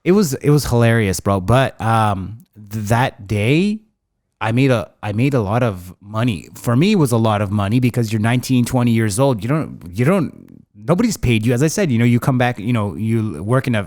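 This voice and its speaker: On the low side and animated, a thirtysomething man hosts a podcast at normal speed, his tone darkish. He chats casually, telling rambling, slang-heavy stories and dropping "bro" often. The studio recording is clean, without room sound.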